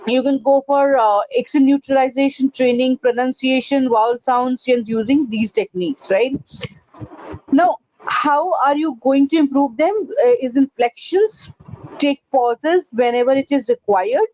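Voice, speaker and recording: A woman with a high voice runs a pronunciation class. She explains patiently and peppers her points with "uh, you know" and "right?". The recording sounds dull and lo-fi. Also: measured pace, a little mellow. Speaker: pronunciation trainer. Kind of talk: online training session.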